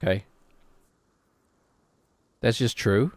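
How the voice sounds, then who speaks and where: A man's voice: medium pitch, very slow, darkish tone, no room sound. A man in his thirties with a New Zealand accent, streaming and rambling casually in a joking, self-deprecating way. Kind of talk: casual chat while gaming.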